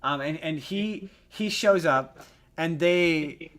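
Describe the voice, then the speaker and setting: A man co-hosting a casual podcast, retelling a story in a rambling, animated way with lots of restarts. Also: fairly high pitch, slow. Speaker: podcast co-host.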